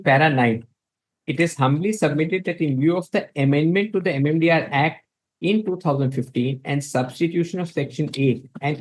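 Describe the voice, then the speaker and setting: Male advocate, formal courtroom pleading, deferential yet emphatic, slightly high voice. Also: low-quality recording. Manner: deferential, repeatedly saying my lord; emphatic, reads passages from documents.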